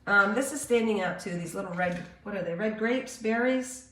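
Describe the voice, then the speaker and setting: Woman, medium pitch, channeler on a live stream; slow and searching, echoey room sound. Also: fairly bright tone. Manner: slow, searching, meditative delivery with pauses. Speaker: spiritual channeler.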